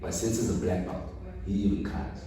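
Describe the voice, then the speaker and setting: Male podcast guest, lively storyteller, dark low tone, recorded off-mic in a reverberant room. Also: normal speed, far from the mic. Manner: animated storyteller, swings from quiet to loud. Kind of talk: casual podcast chat. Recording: echoey room, speaker off-mic.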